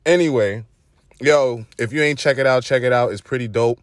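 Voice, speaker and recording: A man's voice: medium pitch, normal speed, dry recording, clean studio sound. A young man with a Brooklyn accent hosting his own vlog, chatting loosely in street slang with lots of ums and restarts. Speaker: host. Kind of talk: casual vlog monologue.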